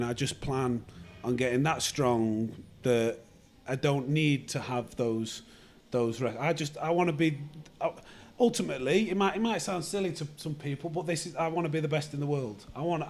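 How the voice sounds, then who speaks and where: A man's voice: mid-range voice, a little mellow. Earnest man, hesitant and laughing. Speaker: podcast guest. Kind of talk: casual podcast chat.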